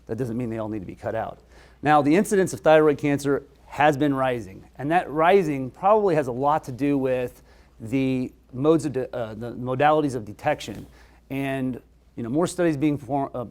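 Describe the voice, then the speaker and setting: A man who is a surgeon, giving a relaxed, conversational medical lecture with frequent hesitations. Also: mid-range voice.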